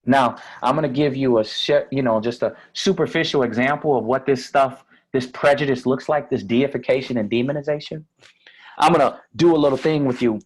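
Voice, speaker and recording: A man giving a conference keynote speech, energetic and asking the audience questions. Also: mid-range voice, a little fast. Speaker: keynote speaker.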